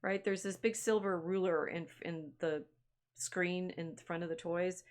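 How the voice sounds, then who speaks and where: A woman's voice: fairly low pitch, steady tone. A woman co-hosting a podcast, casually retelling a toy story with chatty restarts and asides. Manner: chatty, halting with restarts and laughs. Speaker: podcast co-host.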